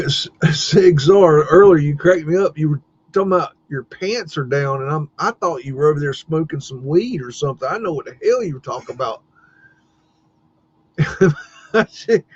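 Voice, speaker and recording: Rambling, laughing livestream host, lo-fi. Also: male voice, fairly high pitch, slightly rough. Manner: rambling, laughing, swearing, talks to his dog. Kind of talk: casual livestream commentary. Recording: dull lo-fi stream audio with faint noise.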